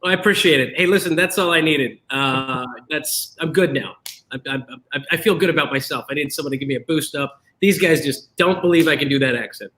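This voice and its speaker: Joking man with a bright voice. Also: fairly high pitch, brisk, poor audio. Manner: joking, teasing. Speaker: co-host. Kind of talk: casual chat.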